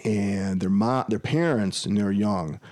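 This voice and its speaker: This podcast guest, a man with a lowish, darkish voice and a slightly slow pace, tells a long personal story in casual talk. He restarts often and quotes dialogue along the way.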